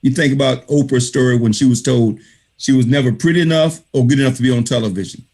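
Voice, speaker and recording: A man's voice: mid-range voice, fast, darkish tone. A man, the author, speaking on a video call, giving an emphatic motivational talk that repeats key phrases like a preacher. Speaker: author thanking readers at an online book reading. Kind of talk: motivational speech.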